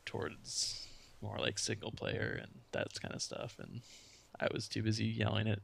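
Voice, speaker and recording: A man's voice: fairly low pitch, lively intonation, moderate pace, gravelly, a bit bright, slight background noise. A young man chatting casually about gaming memories, laid-back and rambling with lots of fillers. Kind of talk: casual chat.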